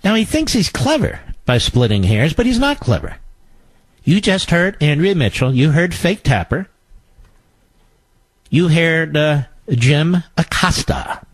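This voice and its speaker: A man's voice: a little high, sing-song, a little slow, no echo, low-quality recording. A middle-aged man hosting a talk radio show, delivering a combative, sarcastic political commentary monologue.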